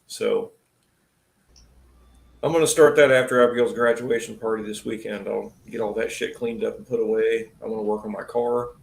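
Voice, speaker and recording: A man's voice: on the low side, fairly even intonation, normal speed, vocal fry, roomy sound. A man who works as an auto technician, hosting a casual live stream and talking bluntly and profanely about shop work.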